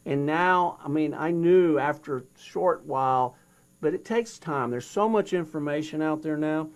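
Older guy on an interview, telling his story, does both voices in the dialogue, kinda high voice. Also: unhurried. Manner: animated retelling, acts out both sides of a dialogue. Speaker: guest.

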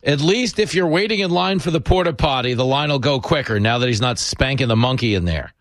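A man's voice: mid-range voice, expressive, a little fast, no room sound, studio quality. A man hosting a talk radio show, sarcastic and mocking as he banters with callers. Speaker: radio host.

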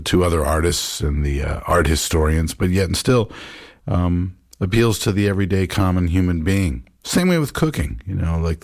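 Man, very deep voice, jazz radio host, casual rambling talk, dry close sound. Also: creaky, a little mellow, dry recording. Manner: musing, rambling, with many fillers.

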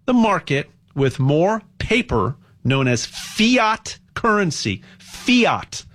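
A man hosting a casual talk, rambling with repeated words and growing animated as he goes. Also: high voice. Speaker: host.

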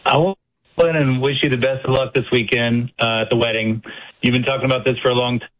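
A man calling in to a radio show, friendly and warm in his well-wishes. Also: medium pitch, fairly even intonation, a little fast, low-quality recording. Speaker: caller. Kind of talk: phone-in call.

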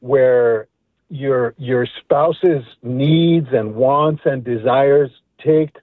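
A man's voice: medium pitch, very slow, no echo. A man in his fifties or older calling in to a radio show, speaking earnestly and reflectively, often repeating words. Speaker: radio caller. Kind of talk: call-in comment. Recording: tinny phone line.

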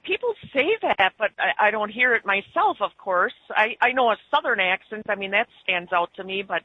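A woman's voice: mid-range voice, brisk. Chatty Upper Midwest woman calling in. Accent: Upper Midwest American. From born in Germany, raised in Wisconsin. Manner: chatty, rambling, laughs easily. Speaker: caller. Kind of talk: casual call-in chat. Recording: muffled phone-in line.

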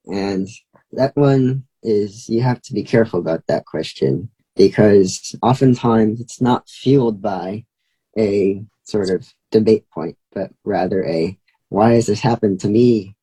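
A man's voice: fairly low pitch, measured pace, mellow, breathy edge, low-quality recording. A young man telling a story as a guest, chatty, with many fillers. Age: young adult. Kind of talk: casual storytelling.

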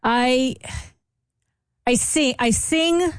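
A woman's voice: sits high, extremely slow, clean tone, no room sound. A woman co-hosting a morning radio show, teasing and playful in casual studio banter. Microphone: studio microphone.

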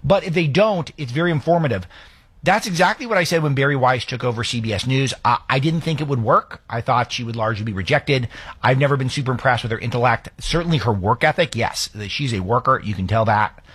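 Husky opinionated talk radio host. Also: male voice, mid-range voice, fast, fairly bright tone, no echo. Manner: opinionated, conversational, with restarts. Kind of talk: casual political commentary.

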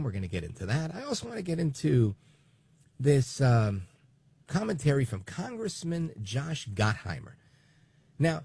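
Fill-in talk radio host, man, late forties, gravelly husky voice, animated pitch, dry studio sound. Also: dry recording. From New Jersey, USA. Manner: chatty and digressive, lively emphasis. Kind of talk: political talk radio monologue.

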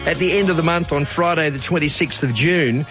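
A man's voice: fairly high pitch, a little fast, highs cut off, over music. A man with an Australian accent hosting a radio show in a chatty, jokey way, reading out listener texts. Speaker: radio host. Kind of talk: casual radio chat.

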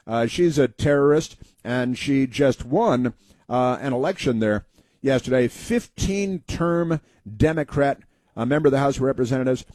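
A man's voice: mid-range voice, lively intonation, darkish tone, no echo. Folksy male talk radio host, dry close sound. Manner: halting, many uh fillers and restarts; folksy storytelling, acting out quoted voices. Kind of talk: rambling talk radio monologue.

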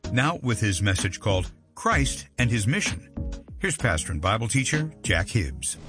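A man's voice: lowish voice, sing-song, normal speed. A male announcer reading a scripted, promotional radio introduction. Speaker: program announcer. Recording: over loud music bed. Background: music.

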